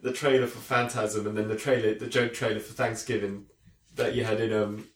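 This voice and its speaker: A man's voice: on the low side, flat delivery, brisk. A man, a podcast guest discussing films casually, joking and laughing often. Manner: laughing, jokey. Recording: echoey, distant mic with faint noise.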